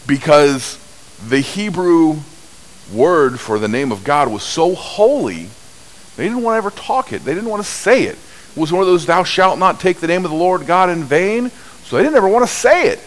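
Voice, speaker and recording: A man preaching a sermon, telling stories at an unhurried pace with big swings in pitch and loudness. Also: sing-song, rough recording. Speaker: pastor.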